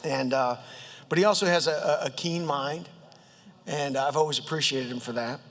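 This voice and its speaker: A man with a Southern accent introducing a colleague in a humorous floor speech, halting with many fillers and jokes, his voice high and a bit squeaky. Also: fairly bright tone. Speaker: state legislator introducing a colleague. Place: state house chamber. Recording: long reverb of a legislative chamber.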